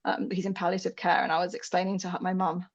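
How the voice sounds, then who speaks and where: A woman's voice: lowish voice, quick pace, creaky. Candid woman guest with lo-fi sound. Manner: candid and animated, swears freely, often laughs. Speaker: dog behavior expert, podcast guest. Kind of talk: casual conversational interview.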